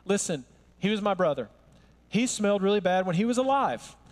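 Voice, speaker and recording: An exasperated, grieving woman speaks bluntly and with sarcasm, as a preacher puts her on. The voice sits high. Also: sing-song, fairly quick, in a large hall. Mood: joking.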